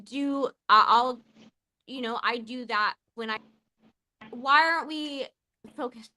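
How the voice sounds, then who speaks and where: A woman's voice: a little high, pushed and bright. A woman in her forties hosting a podcast, talking with raw emotion, swearing often and restarting her sentences. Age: 40s. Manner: impassioned, swearing, halting restarts. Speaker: podcast host. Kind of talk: emotional casual chat.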